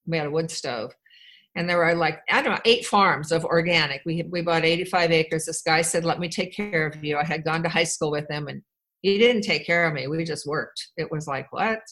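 Low-voiced woman telling her story frankly. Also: moderate pace, a bit bright, poor audio. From Wisconsin. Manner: candid, rambling, wry, with restarts. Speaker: speaker sharing her life story. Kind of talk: personal storytelling talk.

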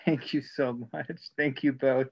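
A man's voice: medium pitch, fairly even intonation, unhurried, gravelly. Guy running an online meeting, chill and easygoing, dull lo-fi call sound. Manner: easygoing, apologetic, laughs easily. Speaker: meeting chair. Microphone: video call.

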